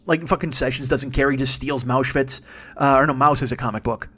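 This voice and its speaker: A man's voice: medium pitch, a bit bright. A man who is a comedian hosting his podcast, ranting furiously and profanely. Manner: profane, furious, rapid-fire. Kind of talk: angry comedic rant.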